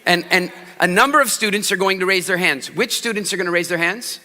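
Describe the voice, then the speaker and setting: A bright, forceful male speaker on stage, pitched fairly high for a man, acting out little scenes and throwing questions at the crowd. His voice rings through a big hall with a long tail of reverb. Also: brisk. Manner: animated storytelling, acts out voices and asks the audience questions. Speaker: motivational speaker. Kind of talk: live stage talk to an audience.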